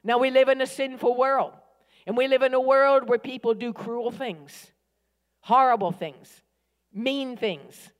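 A woman's voice: sits high, steady tone, a little slow. A middle-aged woman preaching a sermon, emphatic and repetitive, calling out for amens. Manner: emphatic, repeats phrases, calls for amens. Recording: reverberant hall.

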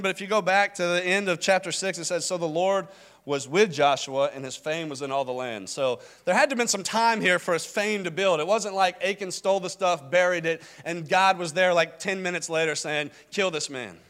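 High-voiced preacher, emphatic and repetitive. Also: male voice, a bit bright. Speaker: pastor. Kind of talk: sermon.

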